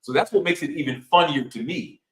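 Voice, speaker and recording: A man co-hosting a casual podcast chat, telling a story with lots of laughter and a lively delivery. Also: a little high, fairly quick, reverberant, poor audio. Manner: animated storytelling with frequent laughter. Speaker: podcast co-host.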